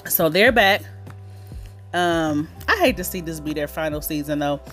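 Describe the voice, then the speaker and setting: A woman's voice: sits low, lively intonation, measured pace, a bit bright, faint music behind. Chatty woman podcast host, candid. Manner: chatty, candid, swears freely, laughs easily. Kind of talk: casual chat.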